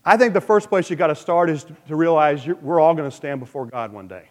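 Animated man preaching in an echoing hall. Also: a little high, fast talker. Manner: animated, playful asides with sound effects. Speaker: pastor. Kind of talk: sermon.

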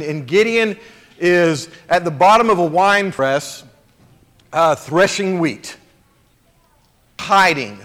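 A man's voice: on the high side, a bit bright. A male pastor giving a conversational sermon, chatty and jokey, often checking in with "right?" and "okay?". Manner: jokey asides.

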